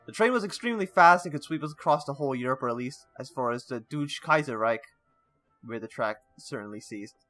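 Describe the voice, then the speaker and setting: A man's voice: mid-range voice, animated, fairly quick, a bit bright, soft background music. A man playing a story game, reading its text aloud with stumbles and breaking off into casual asides. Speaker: gaming channel host.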